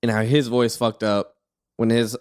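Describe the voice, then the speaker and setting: A laid-back young man in his twenties, joking and swearing his way through a casual podcast chat. His voice is still slightly worn from being ill, sitting at an ordinary middle pitch. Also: level tone, moderate pace, clean tone. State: voice still recovering from illness. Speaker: podcast co-host.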